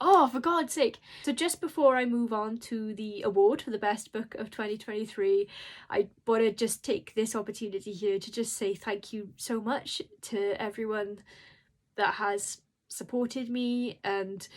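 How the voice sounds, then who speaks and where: A woman's voice: mid-range voice, level tone, unhurried, a little mellow. A woman who is an indie horror author, talking casually to camera in an emotional, rambling and apologetic way. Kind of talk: casual vlog talk.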